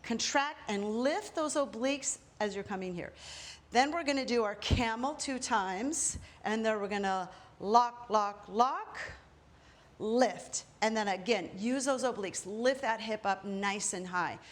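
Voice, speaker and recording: An upbeat woman leads a belly dance lesson, counting out moves and sharp accents while she dances. Her voice sits a little high for a woman and stays bright and encouraging. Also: unhurried. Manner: energetic, counts moves aloud with rhythmic cues. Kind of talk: live dance instruction while demonstrating.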